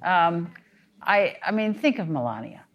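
A woman panelist who joins in with quick interjections and conversational remarks. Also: fairly low pitch, animated, dull audio. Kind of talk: panel discussion before an audience.

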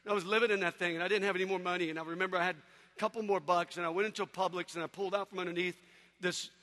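High, bright-voiced male preacher in an echoing hall. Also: very fast. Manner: animated storytelling, shouts and drops to hushed tones. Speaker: evangelist speaker. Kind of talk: energetic sermon.

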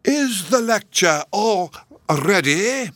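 A man voicing a forgetful, absent-minded old male professor who talks slowly. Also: high voice, expressive, a bit bright, no echo, studio quality, voice pushed up, full character voice. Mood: bewildered.

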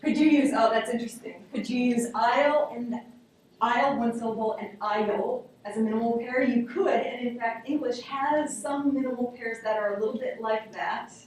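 Speaking at normal speed in a slightly high, darkish voice, a woman teaches linguistics, explaining ideas and fielding questions from students. She repeats examples aloud, and the distant recording of the echoey classroom has slight background noise.

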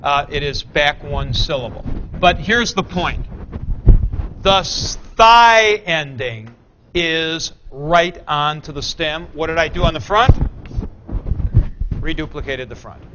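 A man's voice: fairly high pitch, measured pace, background noise. A man teaching a Greek grammar class, talking through the forms aloud and correcting himself as he goes. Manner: thinks aloud, corrects himself mid-explanation. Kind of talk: classroom lecture. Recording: dull lo-fi classroom recording.

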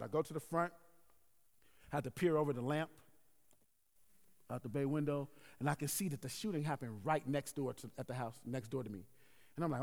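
A male pastor telling a story in a sermon, animated and acting out scenes with sound effects, in a large worship hall. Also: sits high, fairly quick. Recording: echoey hall.

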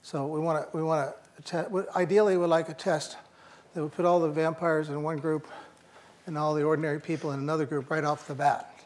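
A man's voice: on the high side, flat delivery, brisk. An older man giving a university lecture, thinking aloud with fillers and restarts and slipping in dry jokes.

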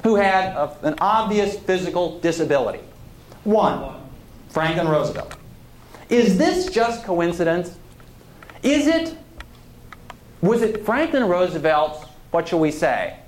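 Male history lecturer, talky and digressive, animated delivery in a reverberant hall. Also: sits high, a little slow, pauses often, slight background noise. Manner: conversational, digressive, asks the audience questions. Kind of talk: public lecture.

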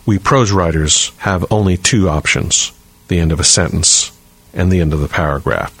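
Deep-voiced man reading a writing lesson. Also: fairly bright tone. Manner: measured, clear and deliberate reading. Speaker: writing teacher, podcast host. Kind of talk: scripted instructional reading.

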